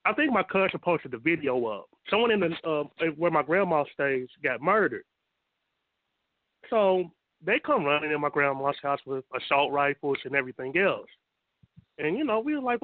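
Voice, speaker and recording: A man's voice: fairly high pitch, expressive, a little fast, no echo. A man calling in to a radio show, steadily telling a story and quoting what others said. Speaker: caller. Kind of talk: telling a story over the phone. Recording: phone line.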